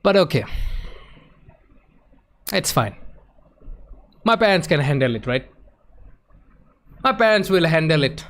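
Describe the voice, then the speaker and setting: A man streaming, telling a personal story in an emotional, animated way and acting out the other people's voices. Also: on the high side, slow pace, pauses often. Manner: emotional, animated retelling that acts out quoted voices. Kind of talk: casual storytelling on a live stream.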